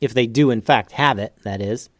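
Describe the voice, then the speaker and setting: A man's voice: mid-range voice, normal speed, no room sound, clean studio sound, lightly acted. A man voicing a cheerful young ninja in a storybook who loves telling puns. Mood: calm. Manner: upbeat, joking.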